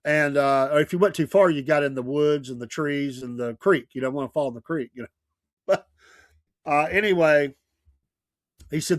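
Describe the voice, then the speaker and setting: A man's voice: fairly high pitch, normal speed, pauses often, no room sound, studio quality. A man from the United States casually telling childhood neighborhood stories, laughing often and acting out the voices of people he quotes. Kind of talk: casual storytelling.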